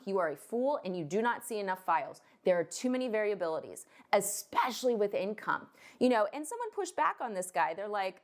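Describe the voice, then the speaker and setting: A woman's voice: medium pitch, animated, brisk, hardly any pauses. A woman loan officer ranting to camera in a vlog, blunt and fired up, swearing now and then.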